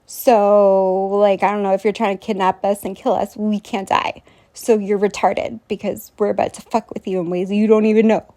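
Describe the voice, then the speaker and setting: A woman's voice: mid-range voice, flat delivery, normal speed, dark tone. A woman vlogger telling a long, rambling story straight to her viewers, sounding incredulous and scornful and often turning to ask them questions. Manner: rambling, incredulous, scornful, addresses the listener directly.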